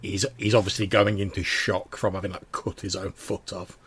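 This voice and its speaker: A man with a low, husky voice narrating a tabletop game as its game master. His narration is loose and casual, full of fillers. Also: flat delivery, normal speed, fairly bright tone.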